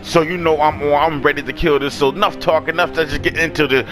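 A young man casually commenting on his gameplay, loud and excitable, cursing and trash-talking the enemies. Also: fairly high pitch, quick pace, over music. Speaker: gaming channel host.

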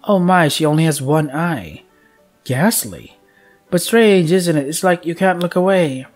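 A man's voice: fairly high pitch, animated, unhurried, faint music behind. A man voicing haughty, cruel noble ladies in a game, sneering in a sing-song manner. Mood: haughty mocking. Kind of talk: voicing a visual novel character.

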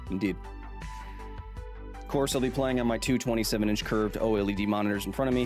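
A man's voice: lowish voice, brisk, darkish tone, soft background music. A man in his thirties hosting a casual live gaming stream, joking around and reading chat aloud. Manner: playful, jokey, reads chat aloud. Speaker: streamer, science communicator.

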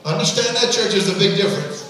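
A man's voice: high voice, quick pace, a bit bright. A man preaching a sermon to his church with passion, acting out voices as he goes. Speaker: pastor. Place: large church hall. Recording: echoey hall from far off, faint noise.

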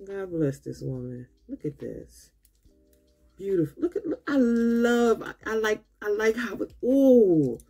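A woman vlogging a makeup unboxing who gushes and talks straight to her viewers, tired and low on energy. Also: big pitch swings, a little slow, mellow, slightly rough, soft background music. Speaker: beauty vlogger. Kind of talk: casual unboxing chat.

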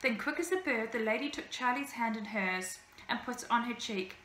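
A woman teacher reading a children's novel aloud with lively, expressive storytelling. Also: fairly high pitch, moderate pace, slight background noise. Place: school room. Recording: echoey room, faint ambience.

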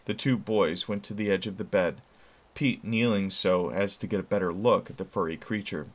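A man's voice: low-pitched, normal speed. A man reading a novel aloud as a show host, telling the story expressively. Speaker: reader.

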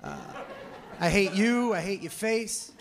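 A man's voice: high voice, a little slow. A man performing a live stand-up set on a comedy club stage, brash and profane as he tells stories. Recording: noisy live club recording.

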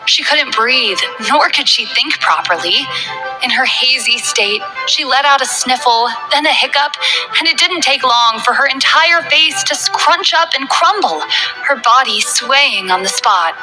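A woman reading a romance novel aloud in a soft, dramatic storytelling way. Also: high-pitched, lively intonation, a little slow, low-quality recording. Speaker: audiobook narrator. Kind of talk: scripted narration of a romance novel. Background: background music.

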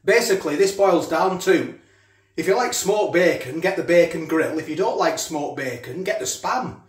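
Chatty man in echoey kitchen. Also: a little high. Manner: chatty, talks while eating. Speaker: food vlogger. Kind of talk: casual food review.

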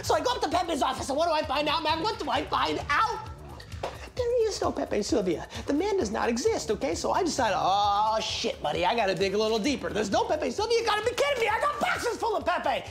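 Frantic sitcom mailroom guy, high voice, wildly swinging pitch, manic rant. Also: very animated, fairly quick, gravelly, music in the background, exaggerated voice. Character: frantic paranoid male mailroom clerk. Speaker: mailroom worker. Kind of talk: sitcom acting.

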